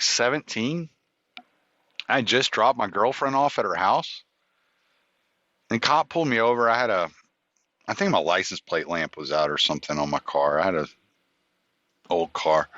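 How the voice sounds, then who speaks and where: A man's voice: fairly low pitch, fairly bright tone, no room sound. A man hosting a podcast, telling a rambling, profane personal story full of restarts and quoted dialogue. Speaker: podcast host. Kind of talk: casual storytelling monologue. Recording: dull lo-fi dry recording.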